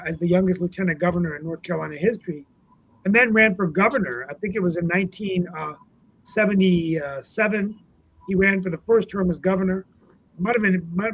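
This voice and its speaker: Higher-voiced man, reminiscing, muffled audio. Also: fairly bright tone, breathy edge. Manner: reminiscing, many uh fillers. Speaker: co-host, city councilman. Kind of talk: casual political talk show chat. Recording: dull lo-fi sound.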